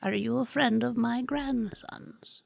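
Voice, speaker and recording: A woman's voice: on the high side, no echo, close to an everyday voice. A woman doing a frail whispering great-grandma. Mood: tender. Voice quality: frail, soft, breathy whisper. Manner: halting, repeats words, broken phrasing. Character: frail blind grandmother near a hundred. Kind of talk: whispered role-play.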